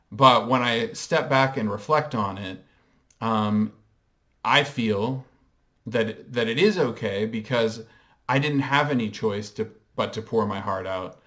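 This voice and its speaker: A man's voice: lowish voice, a bit bright. A man vlogging casual commentary in a reflective, hesitant way, with frequent ums as he explains and coins terms. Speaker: pop culture vlogger.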